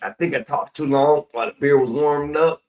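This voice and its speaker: A middle-aged American man ranting casually on a live stream, profane and rambling, his voice jumping between loud bursts and mumbles. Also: on the high side, fairly even intonation, a little fast, poor audio. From United States.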